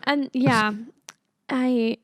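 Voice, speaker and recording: A woman co-hosts a podcast in an unhurried, easygoing way, mostly answering with short replies. Her voice sits a little high. The mic is close and the sound is dry. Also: fairly even intonation, no room sound. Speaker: podcast co-host. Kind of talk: casual chat.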